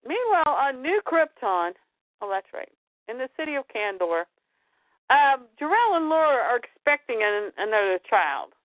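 A high-voiced woman chats about comics as a podcast co-host, giving a rundown of the plot. She voices the characters quickly and animatedly, and the audio is dry and tinny without echo.

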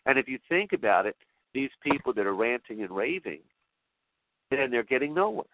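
Excitable man on a tinny phone line. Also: mid-range voice, moderate pace, slight background noise. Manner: excitable and emotional, with many restarts. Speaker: talk show host. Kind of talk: rambling spoken monologue.

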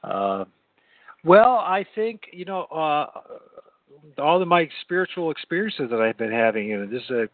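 This podcast host's voice sits on the high side, swinging widely in pitch as he speaks at a moderate pace. His late-night call-in chat is loose and rambling, full of repeated words and easy laughter, recorded with no echo but a thin, phone-like sound.

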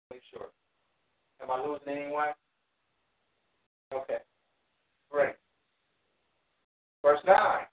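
A man teaching a Bible study over a tinny, phone-like call line, his voice a little higher than most men's. He reads scripture in a slow, measured cadence, then breaks it down casually with fillers. The sound carries a roomy echo. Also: distant mic. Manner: reads verses in slow, measured King James phrasing, then explains plainly with fillers. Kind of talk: reading scripture aloud and explaining it.

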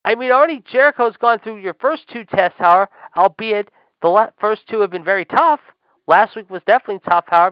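A man co-hosting a wrestling podcast, loud and crude, taunting and ranting in trash-talk style. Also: high voice, no echo. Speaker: podcast co-host. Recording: dull lo-fi dry sound.

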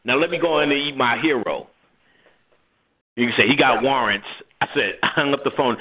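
A man's voice: mid-range voice, moderate pace, pauses often, slightly rough. A man with a New York accent, hosting a radio show and telling a story in a casual way, acting out the other voices. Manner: animated, acts out voices and laughs. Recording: phone-like lo-fi audio.

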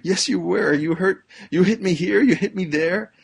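A man's voice: sits high, normal speed, vocal fry, slightly rough, voice pushed up, heavily acted. A man doing a tattling little boy. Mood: insistent.

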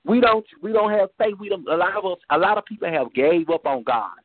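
Over a tinny phone line, a man preaches fervently to a chat line in an informal testimony, repeating and restarting his phrases. His voice is high-pitched, expressive and brisk, with no echo.

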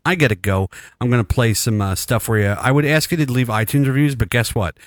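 A raspy man hosting a podcast, rambling and self-mocking as he signs off the episode with frequent laughs. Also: mid-range voice, fairly quick, dry recording, clean studio sound. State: raspy, rattling chest from illness. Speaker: podcast host. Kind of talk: casual podcast sign-off chat.

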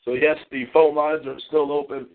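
Man, call-in show host, brash boastful and foul-mouthed, rather high voice, narrow phone-line sound. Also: little pitch movement, moderate pace. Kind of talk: solo call-in radio monologue.

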